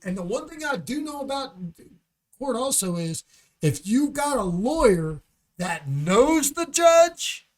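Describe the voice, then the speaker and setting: A man with a strikingly high voice tells a profane comic story in a podcast studio. He rants with energy and swears all the time. Now and then he mimics a shouting judge. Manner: animated ranting, swears constantly, mimics angry judges. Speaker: comedian guest.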